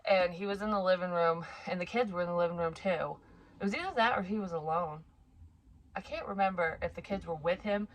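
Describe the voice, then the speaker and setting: A woman's voice: on the low side, brisk, a little hiss or hum. A woman in her forties, a psychic medium, casually telling a personal story in a frank, profane, rambling way. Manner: chatty, rambling with asides.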